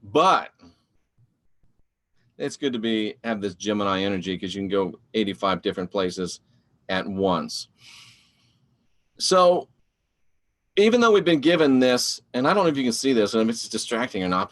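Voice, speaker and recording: A man hosting a live online show, talking in a rambling, animated and preachy way while answering viewer comments. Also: lowish voice, moderate pace, pauses often. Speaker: online show host reading live chat. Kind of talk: casual live-stream talk.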